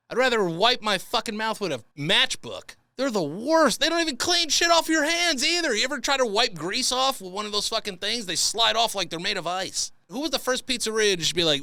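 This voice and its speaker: Bright-voiced man ranting comedically. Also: sits high, no echo. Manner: profane, exasperated ranting. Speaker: podcast host. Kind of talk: comedic storytelling monologue.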